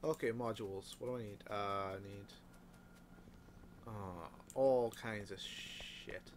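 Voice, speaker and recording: A man with a lowish, steady voice speaks slowly as he plays a factory-building game, muttering casual remarks and swearing a lot. He's a let's play host, he has hiccups, and there's slight background noise.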